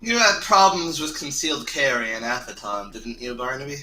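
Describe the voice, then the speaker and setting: A man's voice: medium pitch, moderate pace, sharp tone. A man playing a tabletop game, speaking wryly and teasingly in character. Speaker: player. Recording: echoey room, faint noise.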